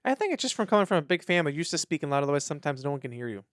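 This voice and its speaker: Fast-talking man, casual podcast banter. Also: on the high side, very animated, no echo, studio quality. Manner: quick, upbeat banter. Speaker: podcast co-host. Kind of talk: casual chat.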